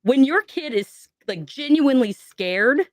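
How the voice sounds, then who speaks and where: A woman's voice: high voice, animated, unhurried, no echo. A woman on a podcast telling a personal ghost story, acting out the voices she quotes. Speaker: podcast guest.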